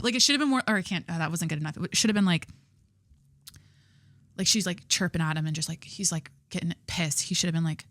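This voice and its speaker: A woman's voice: mid-range voice, fast talker, bright, forceful tone, no echo, clean studio sound. A young woman hosting a podcast in casual chat, rambling with lots of "like" and swearing, laughing at herself. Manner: rambling, heavy use of "like", swearing, self-mocking. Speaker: podcast host.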